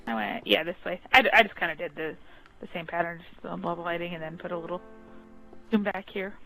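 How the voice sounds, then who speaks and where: A woman's voice: lowish voice, steady tone, fast talker, a bit bright, faint music behind, low-quality recording. A woman co-hosting a gameplay video, chatting casually and teasing her partner with frequent giggles. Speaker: co-host, wife.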